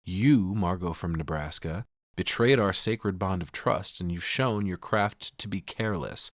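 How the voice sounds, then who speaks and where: A man's voice: low-pitched, unhurried, no echo, clean studio sound. Schunnig vertellende man met lage stem. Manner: profane, retells scenes acting out lines. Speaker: podcast host. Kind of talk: casual film recap with acted quotes.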